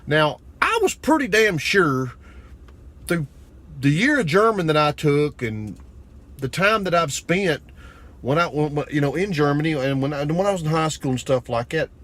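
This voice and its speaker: A man with a drawl delivers a crude, profane monologue straight to camera. His voice sits a little high, and he is blunt and self-mocking. His temper keeps rising into shouting. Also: lively intonation, normal speed. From United States. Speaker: vlogger. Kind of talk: profane political rant to camera.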